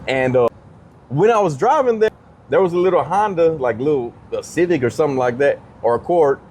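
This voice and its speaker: A man's voice: a little high, fairly quick, a little hiss or hum. A man, a comedian guest on a podcast, telling a story in a casual way and acting out the other people's lines in changed voices. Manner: animated, acts out quoted dialogue in changed voices.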